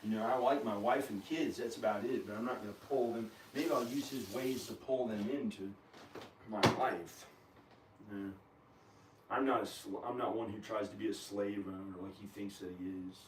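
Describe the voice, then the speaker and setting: A man at home in his kitchen, rambling in an agitated, meandering monologue with frequent pauses and fillers. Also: fairly low pitch, fairly even intonation, a little hiss or hum. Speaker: video maker. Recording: echoey room, camera far from the mouth.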